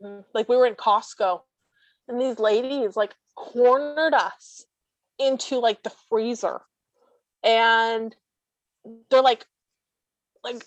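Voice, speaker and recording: A woman guest talking casually about life with her service dog, blunt and sarcastic with quick asides. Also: a little high, dry recording, poor audio. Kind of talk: casual chat.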